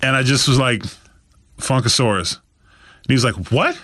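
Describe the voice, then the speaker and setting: As a guest on a podcast, this author tells animated stories, performing the quoted voices of their characters with big jumps in pitch. He's expressive, with a sharp tone at a moderate pace. The sound is studio quality with no echo.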